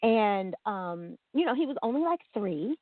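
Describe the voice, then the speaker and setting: A woman's voice: medium pitch, sing-song, a little slow, no room sound. A woman in casual conversation, telling a family story and acting out the quotes with laughs. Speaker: guest. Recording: tinny phone-like line.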